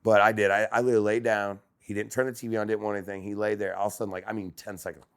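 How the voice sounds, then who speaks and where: Casual guy on a podcast, low voice, animated, tells stories and does the voices of people in them. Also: very fast, clear, resonant tone. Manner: animated storyteller who acts out quotes. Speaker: podcast guest.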